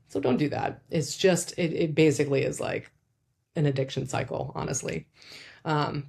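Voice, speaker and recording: Low-voiced woman in casual chatty talk. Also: creaky. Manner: chatty, lots of "like" and "right?", animated demonstrations. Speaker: psychologist host.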